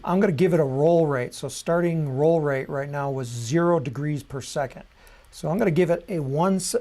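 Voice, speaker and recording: A man hosting a live software tutorial, talking casually and thinking aloud at his computer, with frequent ums and self-corrections. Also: on the high side. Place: at a computer desk.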